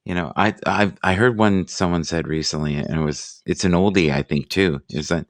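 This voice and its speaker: A man hosting a casual live morning chat, musing and self-deprecating, reading out sayings slowly. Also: deep voice, no room sound.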